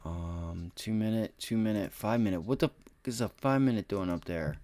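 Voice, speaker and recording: On his day-trading livestream, a man talks straight to his viewers with cocky, slang-heavy commentary on the live market. He flips between loud, excited outbursts and quiet mutters to himself, speaking at a normal speed.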